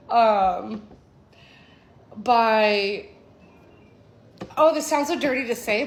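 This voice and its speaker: A woman giving an intuitive tarot reading, with a flowing, reflective delivery that often checks in with "okay?". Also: medium pitch. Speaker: tarot reader. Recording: echoey room, faint background hum.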